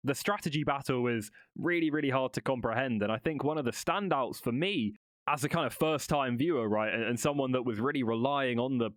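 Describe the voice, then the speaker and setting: A man talks through a solo motorsport podcast in a loose, conversational way, often restarting and correcting himself. His voice sits at an ordinary middle pitch. The sound is dry and close, with no room echo. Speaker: podcast host. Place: studio.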